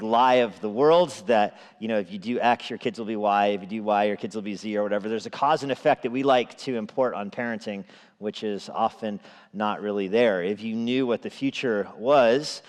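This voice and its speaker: Man preaching in a reverberant hall. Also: lowish voice. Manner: conversational preaching with asides and chuckles. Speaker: pastor. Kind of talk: evening sermon. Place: church sanctuary. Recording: long reverb of a large hall.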